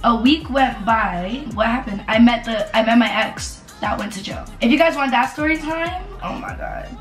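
Animated, cursing woman telling a story. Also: fairly high pitch, normal speed. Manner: animated and profane, with emphatic repetition. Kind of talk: casual storytime rant. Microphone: camera mic. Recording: roomy echo, faint music behind.

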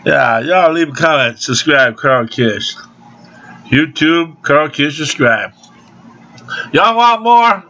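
A man's voice: on the high side, expressive, takes it slowly, pauses often, sharp tone. A man vlogging in a loose, rambling, drawling way, laughing between lines and breaking into song. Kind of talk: casual rambling vlog with off-key singing. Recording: dull lo-fi home video audio.

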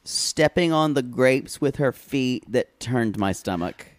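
A man's voice: mid-range voice, lively intonation, slow pace, no echo, clean studio sound. A man co-hosting a podcast in casual chat, wry and teasing, reading out quotes with relish. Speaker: podcast co-host.

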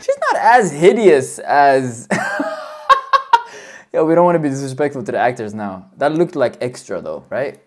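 Low-voiced excitable woman reacting. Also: normal speed. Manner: excitable, slangy, laughs often. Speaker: reaction video host. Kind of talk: casual reaction commentary.

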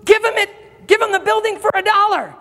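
A preacher doing a blustering building owner. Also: male voice, extremely high pitch, expressive, fast, a bit bright, pitched above the performer's own voice, heavily acted. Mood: incredulous. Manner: exclaiming, incredulous. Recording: long hall reverb.

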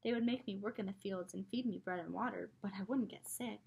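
A woman's voice: mid-range voice, a little fast, creaky, slightly rough. A woman reading a novel aloud as a teacher, telling it expressively. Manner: expressive storytelling.

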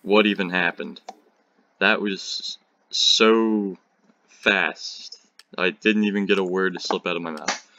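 A man's voice: low-pitched, fairly even intonation, takes it slowly, long pauses, bright, forceful tone, lo-fi sound, slight background noise. A teenage boy hosting a gaming video, giving rambling, jokey commentary and talking back to enemies on screen. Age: teen. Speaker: gaming channel host. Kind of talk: casual gameplay commentary.

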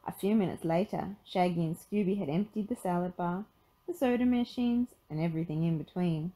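A woman reading a children's picture book aloud in an expressive storytelling manner. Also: fairly low pitch, brisk, rough recording.

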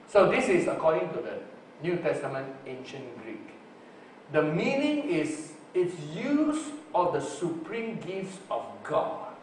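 Guy preaching, picks apart greek words, lots of uhs, sounds far off in a big roomy hall. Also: a little high. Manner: explains Greek word roots slowly with many fillers. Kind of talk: Bible teaching sermon. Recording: roomy distant recording with faint hiss.

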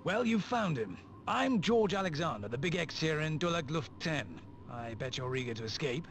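A man voicing a confident prisoner-of-war escape leader in video game dialogue, brisk and commanding. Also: a little high, very animated, background noise. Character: confident British POW escape-committee leader.

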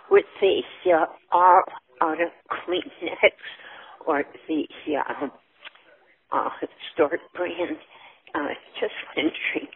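An older woman leaving casual voicemails for her son. She is affectionate, pauses often on uh, and has a raspy voice. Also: lowish voice. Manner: affectionate, hesitant with many uh pauses. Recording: tinny phone voicemail line.

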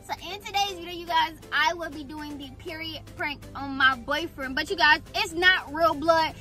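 A young woman vlogger talking in a casual, energetic, slangy way as she pranks her boyfriend. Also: sits high, moderate pace, soft background music. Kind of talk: casual vlog chat. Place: in a car.

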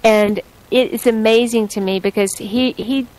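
A woman's voice: on the high side, steady tone, normal speed, a little mellow, poor audio. Chatty radio host woman, playful Southern drawl. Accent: put-on Southern US. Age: middle-aged. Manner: chatty, rambling, laughs often. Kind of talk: casual radio chat.

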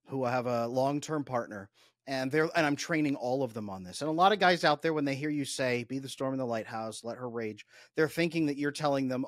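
An attachment coach on a podcast explains things step by step in a mid-range voice, talking a little fast. He's emphatic and instructive and role-plays bits of dialogue. The recording is dry and studio quality.

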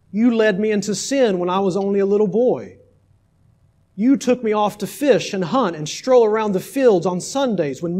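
A man's voice: on the high side, a little mellow. A preacher reading as a dying young man in anguish. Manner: anguished, accusing. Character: young man dying in anguish, bitter toward his father.

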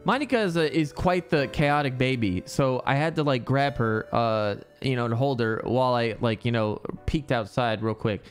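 A man's voice: medium pitch, normal speed, hardly any pauses, soft background music. A young man streaming a game, chatting casually in a rambling way with many fillers and frequent swearing. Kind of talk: casual chat while gaming.

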